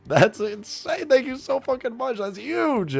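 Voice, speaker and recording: Young male streamer, gravelly fried voice, wildly swooping pitch, hyped and cursing while reading tips, faint music behind. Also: unhurried. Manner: excitable, swearing, laughing between lines. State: straining a tired voice. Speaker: streamer and game modder.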